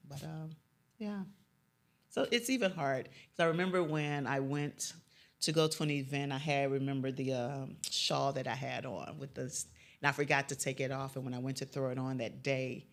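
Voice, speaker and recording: A woman's voice: a bass voice, moderate pace, vocal fry. A middle-aged woman from Chicago's West Side, a youth mentor, telling a personal story of faith and loss, dropping to a near whisper when moved. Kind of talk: emotional personal interview.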